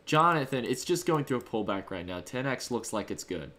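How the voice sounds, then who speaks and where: Hosting a live stream, a man reads and answers viewer chat in an easygoing, upbeat, wandering way, using fillers and restarting often. His medium-pitched voice swings widely in pitch, moves fairly quickly and has a sharp tone.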